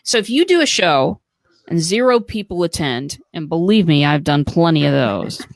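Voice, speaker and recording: In a casual live-stream chat, an American co-host speaks at a fairly low pitch and normal speed, sounding animated, with no echo. She gives earnest, practical advice, heavy on fillers.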